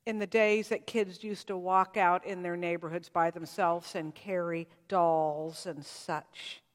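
A woman pastor preaching a sermon in a church, heartfelt and reflective, leaning into some phrases and letting others fall quiet. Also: on the low side, fairly even intonation, unhurried, long reverb tail.

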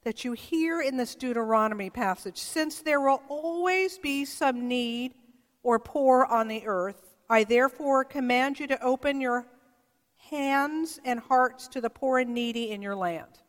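A woman's voice: sits high, unhurried. Woman pastor preaching in a reverberant sanctuary. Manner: earnest, storytelling with quoted voices. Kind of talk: sermon.

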